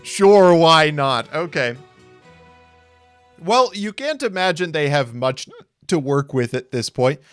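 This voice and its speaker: A YouTube card game commentator gives casual play-by-play of card duels, wry and upbeat and addressing viewers as folks. His slightly high voice is animated, with a measured pace, long pauses, and a fairly bright tone. He's hiccuping, and faint music plays behind him.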